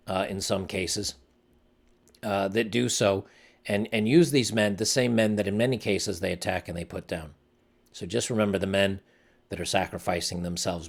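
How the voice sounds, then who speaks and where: A man with a lowish, creaky voice hosts his own channel, delivering a casual commentary monologue in an earnest, somber tone. He frequently starts his sentences over.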